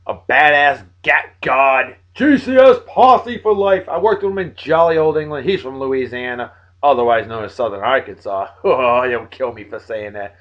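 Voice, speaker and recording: A tired man in his forties, hosting a video blog, giving friendly, joking shout-outs to friends and jumping between loud bursts and low mumbles. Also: normal speed, muffled recording. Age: 40s.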